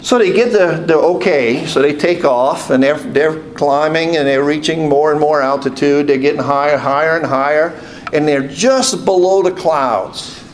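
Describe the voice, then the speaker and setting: A man's voice: fairly high pitch, moderate pace, a little hiss or hum. A man, a deacon telling a rambling story in a homily and repeating "he said" as he goes. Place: church.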